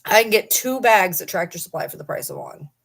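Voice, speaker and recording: A woman's voice: medium pitch, animated, fairly quick, vocal fry, a bit bright. A woman hosting a casual livestream, chatting and rambling to viewers and swearing casually. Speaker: livestream host.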